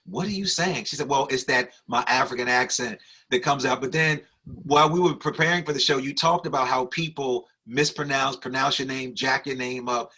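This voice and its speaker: Bright-voiced playful male podcast host. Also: mid-range voice, flat delivery, moderate pace. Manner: playful, teasing, talkative. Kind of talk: casual interview chat. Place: recording studio.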